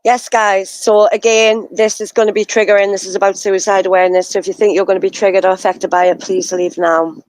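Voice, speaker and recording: An earnest woman hosting a live show. Her delivery stays level and even, with little rise or fall. The sound is close and dry, with no room around it. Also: mid-range voice, fast, few pauses, no echo, rough recording. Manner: earnest, repeats warnings. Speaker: host.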